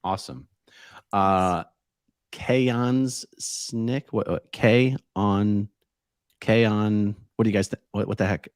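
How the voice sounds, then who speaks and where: A man co-hosting a casual live stream, reading viewer comments aloud and thinking out loud. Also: lowish voice, fairly even intonation, slow, smooth, no echo, studio quality. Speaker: co-host reading chat questions.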